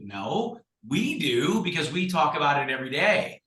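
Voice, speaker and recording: Male guest coach, animated and emphatic, bright tone, roomy echo. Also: on the high side, normal speed. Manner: animated, emphatic, acts out sample conversations. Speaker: guest speaker, recruiting coach. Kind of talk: energetic coaching talk on a video call. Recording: echoey room.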